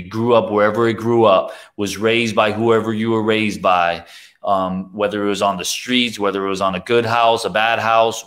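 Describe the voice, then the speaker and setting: A man hosting and preaching a sermon in an earnest, halting way, often going soft and quiet. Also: on the low side. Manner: earnest, with pauses and repeated words. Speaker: host and preacher. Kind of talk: preaching to camera.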